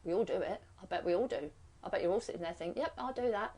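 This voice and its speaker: A woman's voice: lowish voice, rapid-fire, dark tone, breathy edge. Chatty British woman, rambling. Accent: British English. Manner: rambling, chatty, piles up rhetorical questions. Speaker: live-stream host and card reader. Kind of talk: casual chat.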